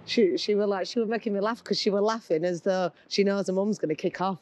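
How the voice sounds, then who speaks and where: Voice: medium pitch, quick pace, a little mellow, dry recording. A prank crew member, chatting in an amused, casual way. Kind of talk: casual chat.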